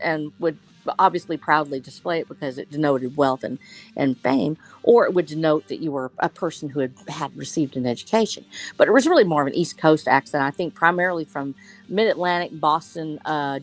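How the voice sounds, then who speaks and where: A woman from Texas chatting enthusiastically in a writers' discussion and thinking aloud as she talks. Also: low-pitched. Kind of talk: casual chat.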